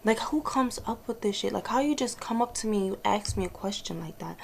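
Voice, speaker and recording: A woman's voice: mid-range voice, lively intonation, brisk, creaky, a little hiss or hum. A young woman, telling a blunt, exasperated storytime in a casual vlog, swearing freely. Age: early 20s. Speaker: vlogger.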